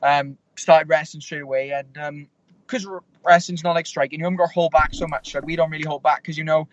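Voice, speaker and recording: A man's voice: fairly high pitch, steady tone, brisk, muffled recording. A young man in his twenties, a fighter, rambling through stories with lots of fillers and restarts. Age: 20s. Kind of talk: casual interview storytelling.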